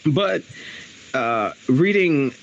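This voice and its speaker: A man's voice: fairly high pitch, expressive, drawn-out words, vocal fry, lo-fi sound. A man hosting a podcast in a casual interview, talking enthusiastically with frequent laughter and restarts. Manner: enthusiastic, laughs often, many restarts and "like" fillers. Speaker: podcast host.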